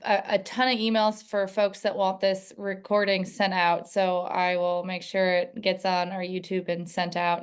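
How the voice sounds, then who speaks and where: A woman's voice: mid-range voice, clear, resonant tone. A woman hosting a webinar who politely wraps up the session and points listeners to more information. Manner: polite, orderly wrap-up. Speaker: event host. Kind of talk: closing a webinar.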